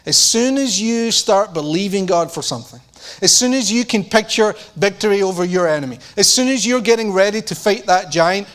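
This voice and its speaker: Expressive, a little fast and slightly bright, this preacher voices the characters in his sermon himself. To drive a point home, he sinks into a low, intense tone.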